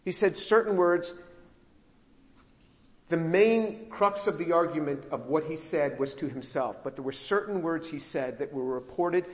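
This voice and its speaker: Expressive male preacher in a reverberant hall. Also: a little high, measured pace. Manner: expressive, acts out the scripture he reads. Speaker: pastor. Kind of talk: sermon.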